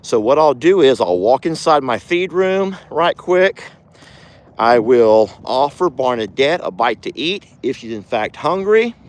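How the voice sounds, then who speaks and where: Slow, lively ranch vlogger. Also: mid-range voice. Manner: chatty, coos affectionately at animals. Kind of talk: casual vlog chat. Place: outdoors on a ranch.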